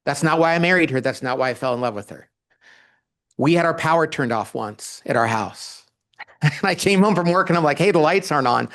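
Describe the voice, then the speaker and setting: Speaking at normal speed in a voice on the high side, a man appears as a guest author in a conversational interview. He tells stories in an animated way and performs the quoted dialogue.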